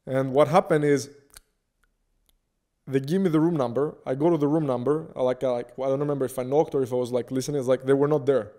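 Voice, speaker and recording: Guest, young man, animated casual storyteller. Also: mid-range voice, quick pace. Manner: animated, swearing freely.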